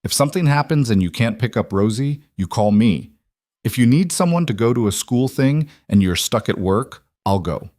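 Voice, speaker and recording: A man voicing a calm, practical young woman nurse in a read-aloud story, steady and reassuring. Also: mid-range voice, moderate pace, no room sound, studio quality, natural voice. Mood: earnest, firm. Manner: steady, reassuring, matter-of-fact. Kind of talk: scripted story reading.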